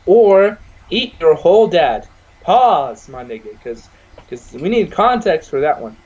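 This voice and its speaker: A young man co-hosting a casual podcast over a video call, loud and slangy, swearing and laughing often. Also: fairly high pitch, sing-song, a little slow, lo-fi sound. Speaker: podcast co-host.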